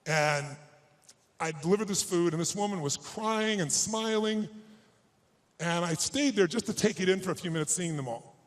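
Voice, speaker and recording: A man giving a live motivational speech on stage, telling a personal story in an emphatic way that often swings between hushed and raised delivery. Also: sits high, normal speed, rough recording. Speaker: motivational speaker.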